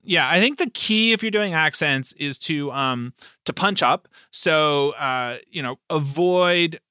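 Animated guy gm chatting about tabletop games, bright edgy voice, dry close sound. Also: on the high side, takes it slowly, smooth, dry recording. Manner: animated, laughs often, restarts a lot. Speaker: game master and podcast host. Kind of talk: casual chat.

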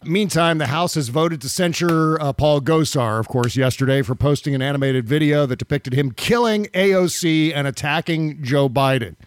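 A man's voice: fairly high pitch, moderate pace, few pauses, dry recording. A man hosting a political podcast, sarcastic and profane, on a close studio mic. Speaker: podcast host. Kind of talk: casual political commentary.

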